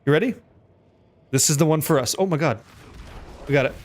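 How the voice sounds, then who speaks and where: A man streaming a game live and talking to his chat, excitable and joking, swearing freely as he plays. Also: a little high, brisk. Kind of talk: live gameplay commentary with chat.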